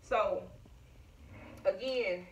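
A woman's voice: mid-range voice, drawn-out words, slight background noise, rough recording. Breathless chatty woman. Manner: chatty, addresses viewers as y'all. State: short of breath. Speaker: vlogger. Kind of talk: casual chat to viewers. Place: at home indoors.

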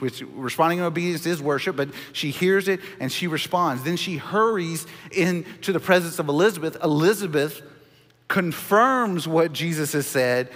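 A man in his thirties preaching a sermon as pastor, earnest, dropping to a hush on key points. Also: on the high side, in a large hall.

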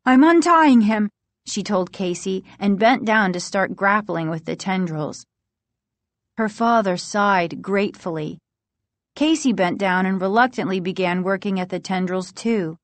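A woman reading a spooky children's story aloud, in slow, expressive narration. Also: mid-range voice, no echo. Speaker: audiobook reader.

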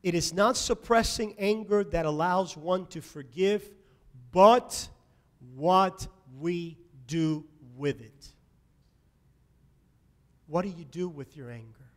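A man preaching a Sunday sermon as pastor, emphatic, swinging between loud declarations and soft asides. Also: sits high, takes it slowly, long pauses. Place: church sanctuary.

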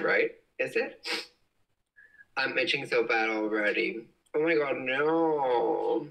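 A young man hosting a casual livestream, reading viewer comments aloud with excitable, giggly exclamations. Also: medium pitch, a little slow, vocal fry, recorded from a distance, low-quality recording. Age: young adult. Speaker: livestream host. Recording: voice slightly off-mic.

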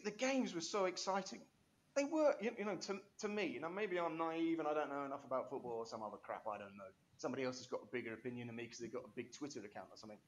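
A man's voice: on the high side, a little hiss or hum. A man, an interview guest telling rambling, enthusiastic stories full of restarts and asides. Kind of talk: animated storytelling interview.

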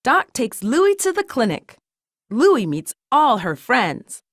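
A woman reading a children's storybook aloud in a gentle, lilting read-aloud manner. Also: on the high side, huge pitch swings, slow pace, no echo, studio quality. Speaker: storybook narrator.

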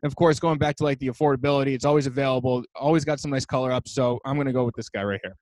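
A man's voice: mid-range voice, fairly even intonation, very fast, a little mellow, no room sound. A man co-hosting a podcast in a loose casual chat, swearing and slangy. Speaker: podcast co-host. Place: New York.

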